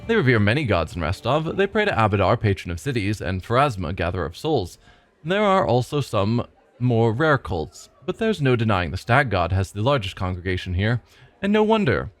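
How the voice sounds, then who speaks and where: A man's voice: on the low side, very animated, fairly quick, no room sound, soft background music. A man hosting a let's play, reading the game's dialogue aloud and adding dry asides of his own. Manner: reads lines aloud, slips and restarts, dry asides.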